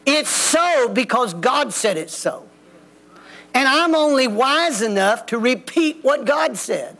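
Man preaching, high lively voice with gravel, folksy and blunt. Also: takes it slowly. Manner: preachy, folksy, plain-spoken. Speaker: pastor. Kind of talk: sermon. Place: church sanctuary.

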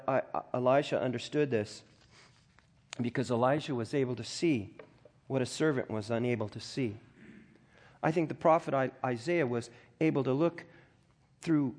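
Gravelly, husky-voiced male pastor preaching. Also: medium pitch, normal speed, a little mellow. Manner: earnest, emphatic preaching with frequent restarts and stammers. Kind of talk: sermon.

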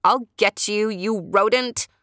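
A woman's voice: fairly high pitch, takes it slowly, gravelly, dry recording, studio quality, pitched above the performer's own voice, exaggerated voice. A woman voicing a headstrong young girl who cries out eagerly in a storybook tale. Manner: excited, cries out.

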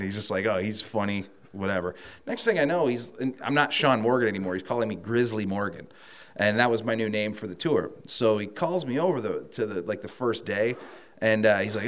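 Profane low-voiced man telling a story. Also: moderate pace. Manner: profane, animated storyteller acting out quotes. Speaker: podcast guest. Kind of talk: casual storytelling chat.

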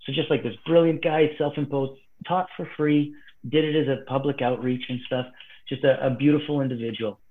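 A man, a martial arts guest, telling a story animatedly and swinging between hushed and excited delivery. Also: medium pitch, fairly quick, a little hiss or hum. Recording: phone-like remote call line.

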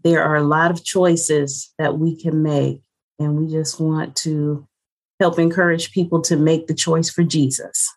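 A woman hosting a Christian talk show in a soft, affirming manner. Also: sits low, flat delivery, measured pace.

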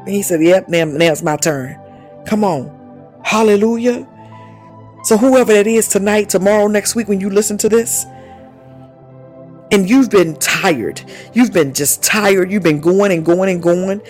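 A woman preaches with fervent, repeating urgency and speech, calling out again and again as her pitch climbs and falls. Faint music plays under her voice. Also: measured pace, darkish tone. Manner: fervent, repeats "listen" and "my God", speaks in tongues. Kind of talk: charismatic sermon.

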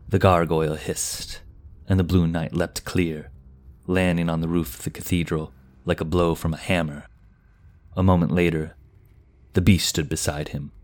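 A man narrating a fantasy audiobook in a slow, even, measured way. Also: deep voice.

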